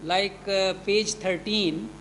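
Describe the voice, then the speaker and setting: A man with an Indian English accent giving an academic lecture on Sanskrit texts, explaining deliberately with many hesitations. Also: high voice, fairly even intonation, a bit bright, slight background noise.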